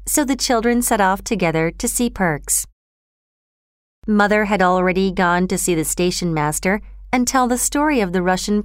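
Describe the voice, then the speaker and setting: A woman narrating a children's storybook in an even, measured reading. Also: mid-range voice, clean tone, no room sound, clean studio sound.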